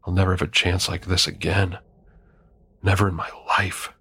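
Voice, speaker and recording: A male narrator telling a first-person horror story in a measured, grim way. His voice is very deep and gravelly, with a husky, breathy edge. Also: little pitch movement, sharp tone.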